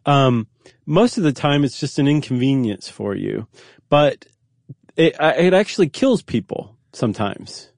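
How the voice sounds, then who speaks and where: A man's voice: mid-range voice, animated, unhurried, creaky, darkish tone, no room sound, clean studio sound. A man hosting a podcast, explaining facts in casual chat with fillers and restarts. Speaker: podcast host.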